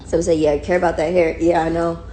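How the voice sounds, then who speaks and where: A woman's voice: fairly low pitch, flat delivery, fast, dark tone. A young woman with a New York accent on a casual phone livestream at home, switching between slangy chat with viewers and playful baby talk to her puppy. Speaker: social media personality. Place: home, indoors.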